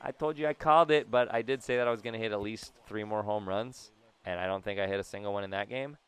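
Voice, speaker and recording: A young man from Southern California giving casual, jokey commentary over a baseball video game, breaking into yelps and shouts. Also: fairly low pitch, fast, smooth. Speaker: gaming YouTuber.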